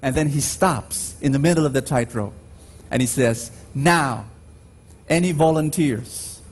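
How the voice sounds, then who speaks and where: A man with a Filipino accent preaching a sermon in slow, emphatic phrases, his pitch swinging widely as he drives each point home. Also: a little mellow, slightly rough. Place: church. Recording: faint background noise on a radio live stream.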